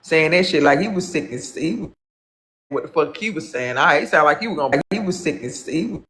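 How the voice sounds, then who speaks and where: A man's voice: a little high, animated, a little fast, fairly bright tone. A man chatting on a live stream, rambling and profane, repeating himself as he gossips and calls viewers honey. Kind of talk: casual live-stream chat.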